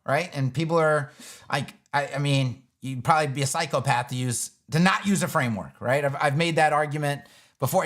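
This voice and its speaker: A man hosting a casual livestream Q&A, talking emphatically, swearing casually and acting out users in quick little voices. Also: fairly high pitch, fairly bright tone. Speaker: web design educator and livestream host.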